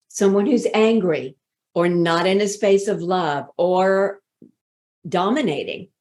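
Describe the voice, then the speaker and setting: A woman speaking coach leading a workshop, calmly guiding listeners through pauses and breathing. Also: medium pitch. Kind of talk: workshop talk. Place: online session, speaking to camera.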